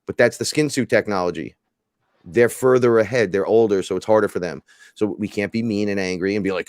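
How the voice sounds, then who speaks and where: A man talks in a loose, rambling way and slips into little acted-out quotes. His voice sits fairly low, and the sound is dry and close with no room around it. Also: a little fast, no echo. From New York. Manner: rambling, animated, acts out quotes. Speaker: podcast guest. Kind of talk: casual chat.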